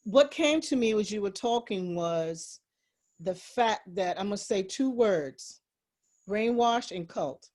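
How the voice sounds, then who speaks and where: A woman co-hosting a podcast, speaking in a thoughtful, measured, reflective way. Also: medium pitch. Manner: thoughtful, measured, with steady listening murmurs. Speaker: podcast co-host. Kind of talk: reflective casual chat.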